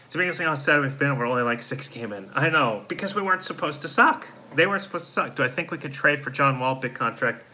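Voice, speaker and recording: A man with a strikingly bright, sharp tone hosts a casual live stream. He talks in a worn-out, deflated way, reading viewer comments aloud and answering each one. His pitch sits in the middle. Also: animated, quick pace, few pauses, a little hiss or hum, rough recording. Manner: frustrated, deflated fan talk. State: tired, yawning. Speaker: host of a live fan show.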